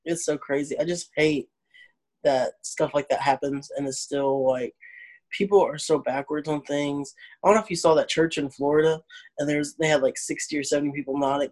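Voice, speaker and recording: A man's voice: fairly high pitch, normal speed. Southern man chatting casually. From Arkansas. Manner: animated storytelling, acts out quoted people. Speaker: comedian. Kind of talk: casual chat.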